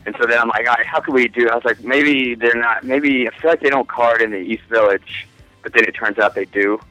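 A man's voice: medium pitch, fairly quick, pushed and bright, no echo, muffled recording, faint music behind. A man in his twenties, a podcast guest, telling a long rambling story in casual, profane chat with frequent laughs.

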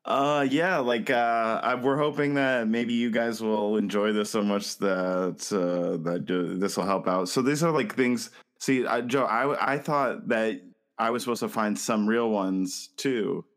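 Man co-hosting a casual chat, low voice, halting and filler-heavy delivery. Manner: hesitant, many fillers and restarts. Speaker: podcast co-host.

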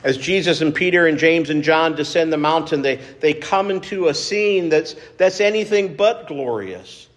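A man preaching a sermon as pastor, earnest and measured, repeating phrases for emphasis. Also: a little high.

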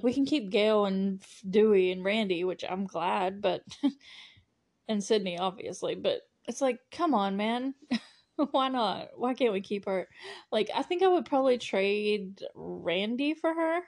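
A woman's voice: medium pitch, a little slow, darkish tone. A young woman hosting a podcast, casually recapping a movie with frequent laughs and sarcastic asides. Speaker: podcast host.

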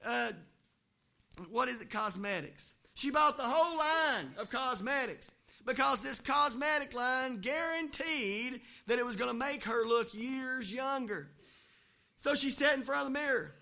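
A man's voice: very high voice, creaky, sharp tone. A male pastor, preaching a sermon in a folksy, conversational way with joking asides in a church. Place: church, also livestreamed.

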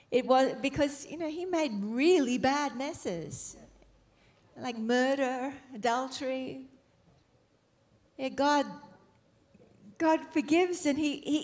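This is a woman with a high voice preaching a sermon. Her delivery is fervent, slowing and softening on key phrases before building to emphatic exclamations.

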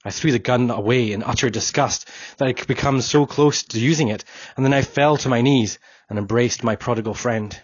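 A man reads an audiobook in a solemn, measured first person. His voice is husky and sits at an average pitch. The recording is dull and lo-fi, with a dry sound. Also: dry recording. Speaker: audiobook narrator. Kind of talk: scripted narration.

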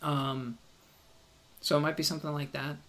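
A man's voice: on the high side, level tone, moderate pace, a bit bright, slight background noise. A man co-hosting a podcast in casual chat, talking hesitantly because he has the hiccups. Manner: hesitant, restarts over his sentences. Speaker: podcast co-host.

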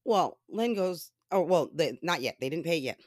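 A woman telling a story in casual commentary style, animated and often laughing, with profane asides. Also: low-pitched, moderate pace, dry recording, clean studio sound.

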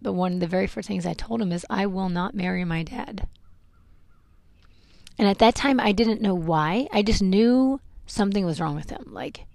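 A woman hosting a podcast, telling a painful personal story in a halting, emotional way with many fillers. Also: on the low side, gravelly, no room sound. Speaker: podcast host telling her life story.

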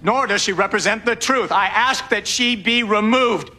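A man's voice: high voice, moderate pace, bright, forceful tone, exaggerated voice. An actor playing an agitated male murder defendant who defiantly accuses his own lawyers in a TV legal drama.

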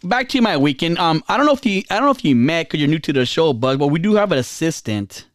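The host of a casual podcast, a fast-talking man, animatedly relates something that happened at a bar, his voice shooting upward in pitch as he imitates what others said. It's recorded close and dry, without any room echo.

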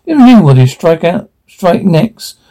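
A man reading the lines of a steady male starship captain in a plain, halting way. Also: high voice, rough recording.

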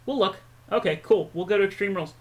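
A man's voice: high voice, fast, a little mellow. A man co-hosting a wrestling podcast, chatting casually and teasing his co-host. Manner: joking, teasing banter. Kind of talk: casual chat.

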